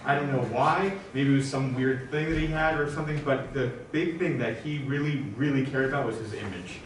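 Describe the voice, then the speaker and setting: A man's voice: medium pitch, fairly quick, a little hiss or hum. Young man telling a comic story on stage. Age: young adult. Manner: casual storytelling, animated. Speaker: improv performer. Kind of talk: comic monologue. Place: stage in a university hall. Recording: echoey hall from far off.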